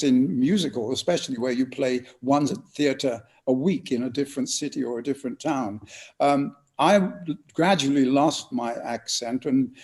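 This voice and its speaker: Brief: older Englishman, mellow expressive raconteur, guest in conversation. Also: mid-range voice. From England. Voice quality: lively, expressive storyteller's delivery. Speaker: guest actor. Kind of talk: storytelling interview answers.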